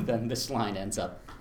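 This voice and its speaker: A man teaching a class on Latin verse, lively and chuckling, slowing down to recite lines beat by beat. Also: mid-range voice, reverberant, slight background noise. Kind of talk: lecture with recitation.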